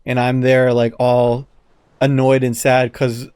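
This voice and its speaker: A man co-hosting a podcast tells a story in casual chat, animated, swearing often, and acting out quotes. His mid-range voice is clean and slow-paced, heard in a dry, studio-quality recording.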